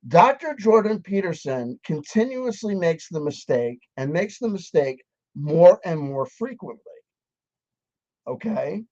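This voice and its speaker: A man's voice: a little high, sing-song, measured pace, a little mellow, dry recording. A man giving a sarcastic, profane, heated rant in reaction to a video. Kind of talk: ranting video commentary. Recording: dull, dry sound.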